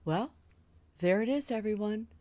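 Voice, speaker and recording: A woman's voice: medium pitch, a little slow, dark tone, no echo. A woman hosting an interview show, chatting casually and with effusive enthusiasm. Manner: enthusiastic, effusive, laughs often. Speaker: talk show host.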